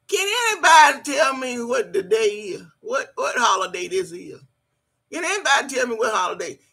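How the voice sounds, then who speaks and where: A woman in her late sixties chats through a casual live stream, reading comments and teasing her viewers. Her voice is husky and bright, and she laughs loudly and swears freely as she talks. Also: fairly high pitch, sing-song, moderate pace. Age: 60s. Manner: chatty, colloquial, swears freely. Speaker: livestream host reading chat.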